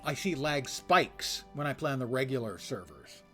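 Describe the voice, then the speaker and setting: A man's voice: mid-range voice, sing-song, moderate pace, sharp tone, soft background music. Wry older man streaming a game. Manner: wry, rambling, self-mocking asides. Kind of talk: live gameplay commentary.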